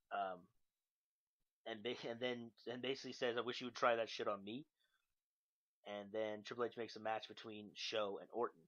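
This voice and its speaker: On a dull lo-fi podcast mic, a young man runs through wrestling show recaps with lots of swearing and filler sounds. As host, he speaks at a medium pitch with a slightly bright quality.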